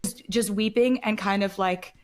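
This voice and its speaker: Woman, podcast guest, emotional storyteller, animated delivery. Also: mid-range voice, moderate pace. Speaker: interview guest.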